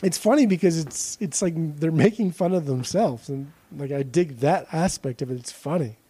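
A man's voice: a little high, moderate pace, mellow, slightly rough. A man from Southern California with a Southern Californian accent, chatting casually as a podcast co-host, swearing freely and restarting his sentences. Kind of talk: casual chat.

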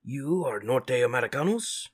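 A wise jaguar mutant, protector of the jungle, speaks slowly and solemnly in a husky voice at a middling pitch, as a man reads him, tossing in the odd Spanish word. The tone stays measured and grave throughout the comic story. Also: expressive.

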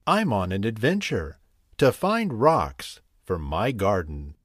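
A cheerful little bunny girl from a bedtime story, read by a man, speaking patiently and steadily. The voice is fairly low and slow. It sounds dry and close. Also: huge pitch swings, a bit bright, no echo, full character voice. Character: cheerful young female bunny on an adventure.

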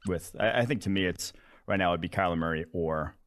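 A man's voice: sits low, a bit bright. A young man from Wisconsin co-hosting a football podcast in loose, casual chat full of restarts. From Wisconsin, USA. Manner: quick, loose talk with many restarts and fillers. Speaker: football analyst, co-host.

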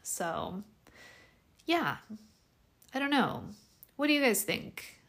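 A woman's voice: sits high, very animated, takes it slowly, fairly bright tone. A young adult woman hosting a podcast, talking casually and animatedly with lots of fillers and restarts. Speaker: podcast host.

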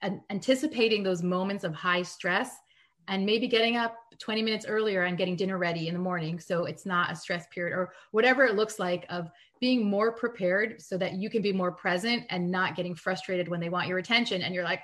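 A woman in a casual live-streamed chat, giving practical parenting advice with quick laughs. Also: mid-range voice, fairly bright tone. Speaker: guest parenting coach.

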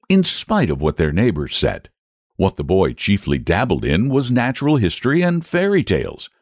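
Low, expressive man reading a story. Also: no room sound, studio quality. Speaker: narrator.

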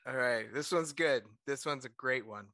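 Podcast guy running a quote quiz, laughs a lot, bright voice, dry close sound. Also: medium pitch, moderate pace, no room sound. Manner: laughing, playful, reads quotes aloud. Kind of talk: casual podcast chat.

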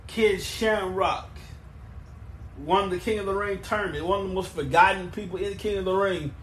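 A man hosting a wrestling podcast on his own, recapping matches and plugging shows in an excitable, rambling way. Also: high voice, moderate pace, roomy sound, a little hiss or hum. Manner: excitable, rambling, with restarts and emphatic bursts. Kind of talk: solo podcast recap and show plugs.

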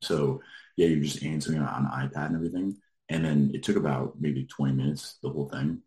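A man's voice: very deep voice, steady tone, fast talker, mellow, reverberant. A man telling a story in casual chat, rambling and full of filler words, laughing now and then. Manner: rambling, lots of likes, laughs while telling.

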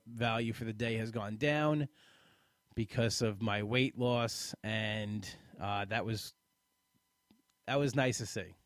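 A man's voice: mid-range voice, no echo, studio quality. Tired, rambling man hosting a podcast. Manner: chatty, self-deprecating, rambling with restarts. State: tired, yawning. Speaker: podcast host. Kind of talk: casual live podcast chat.

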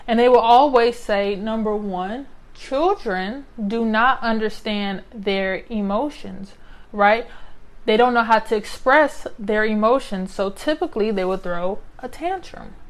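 A fairly high-voiced young woman speaks in a relaxed, reflective monologue. She keeps checking in with her listeners by tagging her points with a quick "right?", and her voice has an easy conversational flow. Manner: conversational, often adds "right?" as a tag. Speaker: speaker sharing personal reflections.

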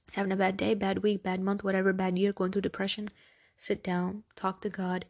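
A woman's voice: mid-range voice, monotone, moderate pace, gravelly, darkish tone. A woman hosting a podcast, talking in a casual, earnest and reassuring way that often checks in with "right?". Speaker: podcast host. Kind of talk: casual religious podcast talk.

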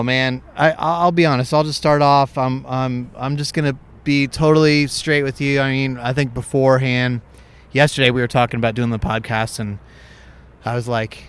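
A man's voice: mid-range voice, a bit bright, clean tone. A young man hosting a podcast outdoors, chatting casually in a rambling, candid way. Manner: rambling, candid, self-correcting. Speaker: podcast host. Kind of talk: casual chat. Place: outdoors overlooking a racetrack.

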